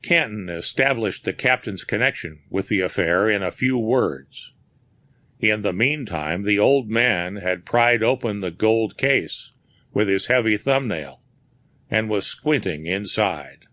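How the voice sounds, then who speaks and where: A man narrating a mystery story in a measured, deliberate way. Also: fairly low pitch, lively intonation, sharp tone, no echo. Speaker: audiobook narrator. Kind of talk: scripted narration.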